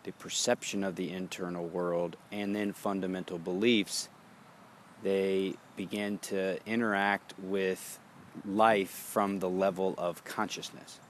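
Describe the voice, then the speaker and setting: A man leading a guided meditation, speaking in slow, measured phrases with long pauses. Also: low voice, flat delivery, slight background noise.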